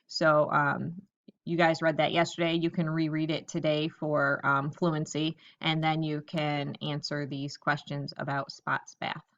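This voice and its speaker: A woman teacher giving a recorded lesson to young children, reading example sentences slowly and thinking aloud about each one. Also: low voice, level tone, a bit bright, lo-fi sound.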